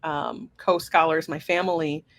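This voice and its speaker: Woman co-host speaking in an even tone. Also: deep voice, a little slow. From United States. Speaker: podcast co-host, career coach. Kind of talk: casual chat.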